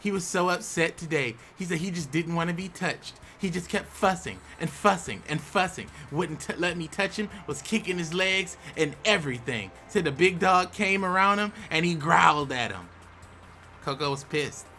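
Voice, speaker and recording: Bright-voiced young man, laid-back chatter. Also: on the high side, normal speed, soft background music. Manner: relaxed, chatty, with sudden excited outbursts. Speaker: YouTube host. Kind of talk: casual commentary while opening game card packs.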